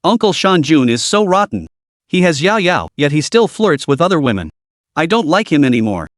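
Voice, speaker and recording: A dramatic, gushing teenage girl from a storybook, voiced by a man in his own reading voice. The tone sits a little high and sounds dry and close. The delivery stays even and unhurried. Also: no room sound. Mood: sulky.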